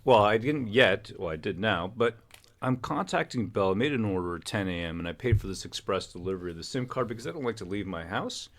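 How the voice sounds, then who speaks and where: A man's voice: lowish voice, expressive, brisk, background noise. A man hosting a live stream, chatting casually in a rambling, joking way. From Canada. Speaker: livestream host. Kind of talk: casual livestream chat.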